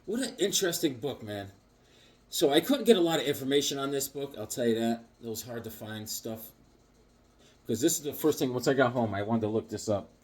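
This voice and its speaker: A man's voice: mid-range voice, expressive, a little fast. A man talking casually about the comic books he has collected, jokey and theatrical, breaking into little bits and voices. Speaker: comic book collector and video host. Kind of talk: casual vlog chat.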